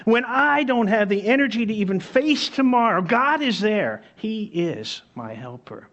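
Emphatic high-voiced preacher man. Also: sing-song, unhurried, a bit bright, highs cut off. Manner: emphatic, repeats key phrases, storytelling. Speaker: pastor. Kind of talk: sermon.

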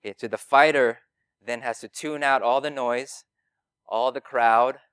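Guy preaching a sermon, chatty and earnest, smooth voice, dry close sound. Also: mid-range voice, fairly even intonation, a little slow, fairly bright tone, no room sound. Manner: earnest, plain-spoken, addresses listeners directly. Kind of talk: conversational sermon.

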